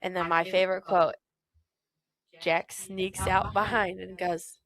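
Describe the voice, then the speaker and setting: A woman's voice: on the low side, flat delivery, a little slow, fairly bright tone. A woman co-hosting a casual book podcast, retelling scenes animatedly, acting out quotes and laughing often. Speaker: podcast co-host. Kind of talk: casual book-discussion chat.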